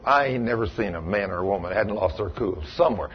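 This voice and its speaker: A man's voice: fairly low pitch, quick pace, breathy edge, dull audio. A man preaching a folksy sermon as pastor, asking his congregation rhetorical questions.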